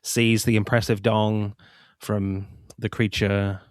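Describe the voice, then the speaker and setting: A man's voice: fairly low pitch, flat delivery, slow, dry recording, clean studio sound. A man co-hosting a casual film podcast, laughing often as he chats. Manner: giggly, laughs often, acts out film quotes. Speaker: podcast co-host.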